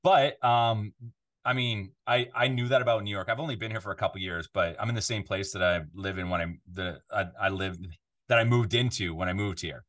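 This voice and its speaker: Low-voiced Canadian man chatting casually. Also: a little fast. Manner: rambling, restarts often, animated when telling stories. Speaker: podcast guest, voiceover artist. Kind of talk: casual interview chat. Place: home recording studio control room.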